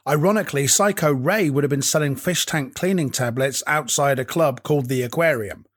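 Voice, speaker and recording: A man giving measured, wry documentary narration as presenter. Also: fairly high pitch, dry recording, clean studio sound. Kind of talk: scripted narration.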